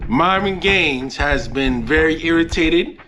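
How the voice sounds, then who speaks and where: A man's voice: a little high, lively intonation, measured pace, pushed and bright, slight background noise. A man hosting a commentary video, talking in a rambling way with many fillers. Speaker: host. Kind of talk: commentary monologue.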